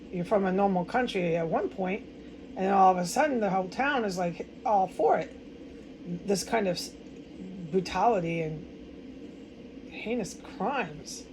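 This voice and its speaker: A woman's voice: mid-range voice, darkish tone, a little hiss or hum, low-quality recording. An American woman in a distraught, rambling personal monologue, stumbling over words and swearing often. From United States. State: upset and distraught. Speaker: vlogger.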